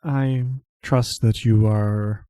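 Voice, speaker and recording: A man doing a composed noble envoy in a tabletop game, courteous but guarded. The low, mellow voice stays even and unhurried. It is recorded dry and close. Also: clear, resonant tone, dry recording. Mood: measured.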